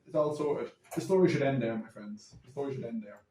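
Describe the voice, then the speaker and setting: A young Irish man tells a comic story at a rapid clip, full of dramatic asides. His voice is mellow and low in brightness. It comes from a distance in a roomy space, recorded on a phone with faint hiss. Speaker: guest storyteller. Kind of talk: comic anecdote on a podcast.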